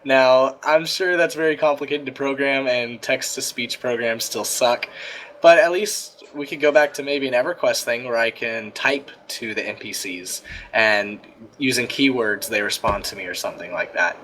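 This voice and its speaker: An excitable man hosts a casual gaming roundtable. His voice sits at an ordinary middle pitch, and he pitches ideas with eager energy. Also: normal speed, a little hiss or hum, rough recording. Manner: enthusiastic, excitable.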